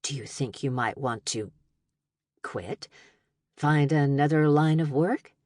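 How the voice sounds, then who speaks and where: A woman's voice: sits low, animated, brisk, a little mellow, breathy edge, dry recording, studio quality. A woman voicing a playful, theatrical middle-aged mother in an audiobook, coaxing and doting. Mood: hopeful. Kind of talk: audiobook character voice.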